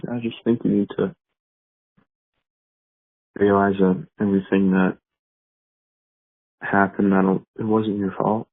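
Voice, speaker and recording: A man leaving a halting, heartfelt voicemail message. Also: lowish voice, little pitch movement, no room sound. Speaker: caller leaving an anonymous voicemail. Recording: dry tinny phone voicemail.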